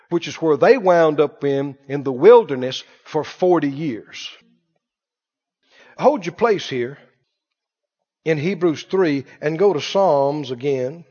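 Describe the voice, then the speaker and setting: A pastor with a high yet darkish voice preaches an emphatic sermon, pitching call-and-response questions to the congregation. The recording sounds dull and echoey, as in a church.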